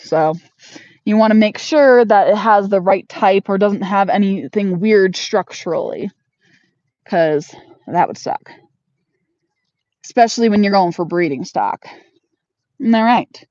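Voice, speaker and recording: Homestead host, woman, mid pitch, casual chatter and baby talk to her pony, dull dry recording. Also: a little slow, pauses often, darkish tone, no echo. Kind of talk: casual livestream chat while grooming a horse. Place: horse barn arena. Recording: dull lo-fi sound.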